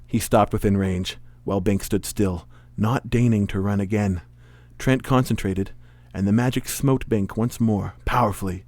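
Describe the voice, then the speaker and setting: A man, a podcast co-host, reading a novel aloud with animated, laughing delivery. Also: fairly low pitch, normal speed, dry recording.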